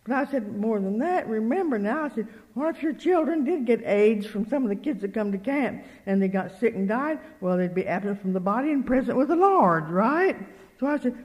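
A woman's voice: on the high side, expressive, brisk, a little mellow. Older woman preaching in an echoing hall. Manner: acts out both sides of conversations, earnest and emphatic. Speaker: speaker at a religious meeting. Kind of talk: folksy sermon storytelling. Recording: long reverb of a hall.

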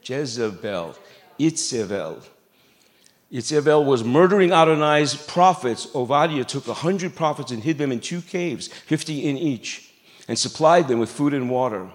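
A man's voice: mid-range voice, animated, normal speed. A middle-aged man preaching a sermon in a church, in a conversational, joking way with asides to the congregation. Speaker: pastor. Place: church sanctuary.

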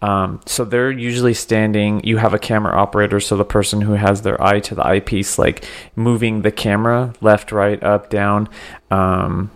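Low-voiced man chatting casually on a podcast. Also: moderate pace. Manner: relaxed, swears casually, explains at length. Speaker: podcast co-host. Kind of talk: casual chat about a film.

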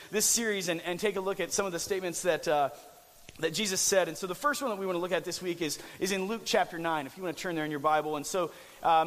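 A man's voice: sits high, a bit bright, in a large hall. A young man preaching a casual, conversational sermon as pastor, with restarts and jokey asides.

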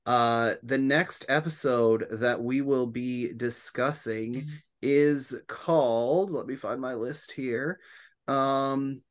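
A man's voice: medium pitch, slow. A man hosting a podcast in casual chat, rambling and laughing often. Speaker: podcast host.

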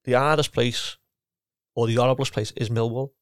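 A middle-aged man, once a footballer and coach, chats casually, rambling, repeating words and often restarting his sentences. His mid-range voice is steady, clear and resonant at a moderate pace, recorded in a clean studio with no room sound.

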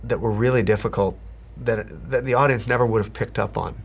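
A man's voice: on the low side, steady tone, brisk, creaky, slightly rough. A man interviewing a guest, asking long, winding questions full of qualifiers. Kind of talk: conversational interview.

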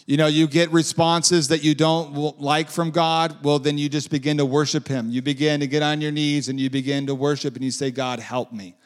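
A man's voice: on the high side, little pitch movement, fairly quick, hardly any pauses, clean tone. A man preaching a sermon in a conversational way, with lilting, sing-song emphasis and casual asides.

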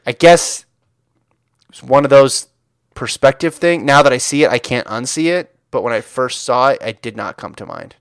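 A man's voice: mid-range voice, expressive, normal speed, vocal fry, clear, resonant tone, no echo. A man co-hosting a running podcast, reading listener emails aloud with dry joking asides. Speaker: podcast co-host.

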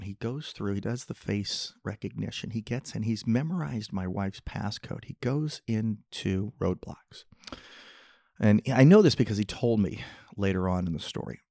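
Middle-aged guy on a podcast, low gravelly voice, rambling jokey stories, dry close mic. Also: a little mellow, no echo. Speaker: podcast host. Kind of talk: casual podcast chat.

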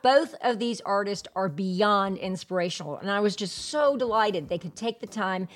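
A woman hosting an interview podcast, encouraging and quick to laugh. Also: medium pitch, animated. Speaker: podcast host.

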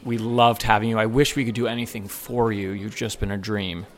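A man tells a story with an earnest, eager warmth. His voice sits on the low side, and he keeps up a chatty, personal delivery. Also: little pitch movement, a little fast. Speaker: bartender and server. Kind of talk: personal anecdote to camera.

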